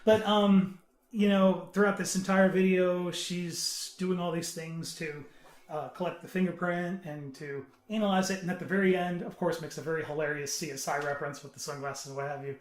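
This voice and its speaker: A man in casual podcast chat, explaining earnestly with halting, restarting sentences. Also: high-pitched, steady tone. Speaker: podcast panelist. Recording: roomy echo.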